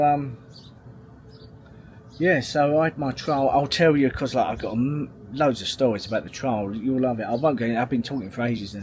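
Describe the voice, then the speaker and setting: A middle-aged man tells a long story to camera in a loose, sweary ramble. He stops and restarts, piles on fillers, and keeps circling back. His voice sits at an ordinary pitch, with a faint hum of background noise. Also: a little mellow. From England. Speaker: vlogger.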